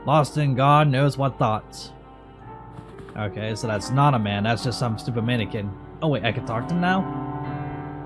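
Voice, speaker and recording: A man's voice: medium pitch, measured pace, music in the background. A man casually commenting while playing a video game, joking about what he sees. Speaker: gamer. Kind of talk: let's play commentary.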